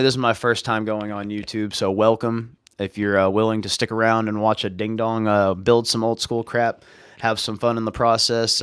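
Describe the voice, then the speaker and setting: A man in his 30s from Arkansas hosts a casual livestream about modding game consoles, rambling in a goofy, slangy way and bursting into silly voices. His lowish voice is a bit bright, clear and resonant, captured in clean studio sound with no room noise.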